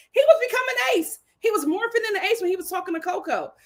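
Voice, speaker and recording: Animated woman, high and lively, laughs through her reality-show recap. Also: fast talker. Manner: laughing, exclaiming, repeating lines for emphasis.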